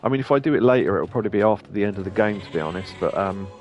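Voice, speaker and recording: A man commenting on a video game as he plays it, rambling and chatty, laughing often and swearing now and then. His voice sits on the low side, with faint music playing behind him. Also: lively intonation, rapid-fire, darkish tone. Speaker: streamer host. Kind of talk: let's play commentary.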